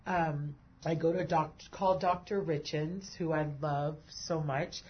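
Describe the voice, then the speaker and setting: A woman's voice: low-pitched, fairly even intonation, takes it slowly, slightly rough, muffled recording. A woman host and breast cancer survivor who tells her own story, laughing and tearing up easily. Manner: emotional, laughs and cries easily. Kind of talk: emotional conversation.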